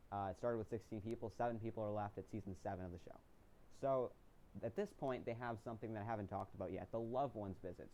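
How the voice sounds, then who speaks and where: A young man casually retelling a story in vlog commentary, chatty and excited, with frequent ums and restarts. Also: lowish voice, slight background noise. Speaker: vlogger recapping a reality show.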